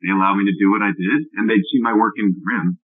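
A man, an actor guest, answering interview questions haltingly with many fillers over a remote call. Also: fairly low pitch, steady tone, dry recording. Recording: tinny phone-like line.

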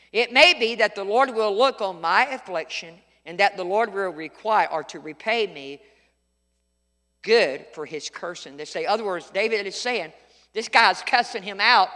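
A man's voice: sits high, sharp tone, in a large hall. A middle-aged male pastor preaching a sermon, telling folksy stories with sudden emphatic outbursts.

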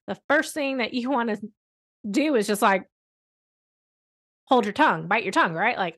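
A woman's voice: on the high side, moderate pace, a bit bright. Therapist lady talking on her podcast, earnest and candid, lots of ums and likes. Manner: earnest, candid, storytelling with fillers. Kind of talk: conversational podcast monologue.

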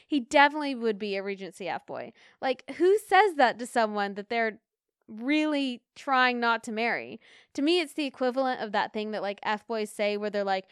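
A young woman co-hosting a podcast, chatting in an animated, opinionated way and slipping into rants. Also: medium pitch, moderate pace, clear, resonant tone, dry recording, studio quality. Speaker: podcast co-host. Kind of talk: casual chat about a period drama.

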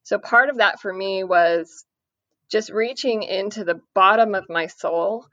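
A woman speaking earnestly about parenting a son with addiction, in a measured way with many fillers. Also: mid-range voice, fairly bright tone, no echo. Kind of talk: conversational podcast interview. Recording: dry, muffled lo-fi audio.

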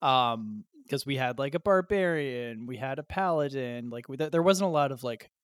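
A young man chatting casually about his tabletop game character and telling animated, casually profane stories. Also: medium pitch, moderate pace, no echo, clean studio sound. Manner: animated storyteller, swears casually. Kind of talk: casual podcast chat.

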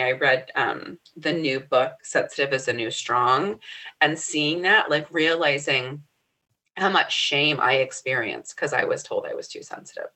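Podcast co-host, forties, woman; low register but a bright, forward tone; earnest, reflective chat. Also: animated, measured pace. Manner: earnest, often checks in with "right?". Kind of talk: casual reflective conversation.

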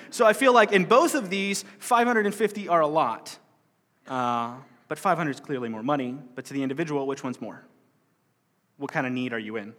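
Slightly high, a little fast and a bit bright, a man's voice carries a long reverb tail as he teaches a Bible parable. It's sermon-style but loose and conversational, with him acting out the quoted lines.

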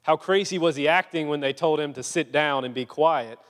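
A man with a fairly high voice preaches a sermon at normal speed, dramatic and insistent, firing off rhetorical questions and acting out the scripture he quotes. Long reverb shows he's in a large hall.

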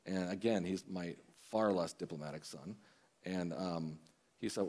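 A man's voice: deep voice, moderate pace, a little mellow. Conversational middle-aged male preacher. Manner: conversational, with many restarts and quoted asides. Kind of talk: sermon.

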